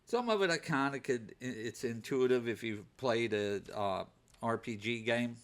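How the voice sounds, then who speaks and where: A man's voice: mid-range voice, moderate pace. A man casually talking through his week's comic purchases, with many fillers and repeated words as he goes. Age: adult working overnight shifts. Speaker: comic book vlogger. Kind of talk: casual unscripted show-and-tell.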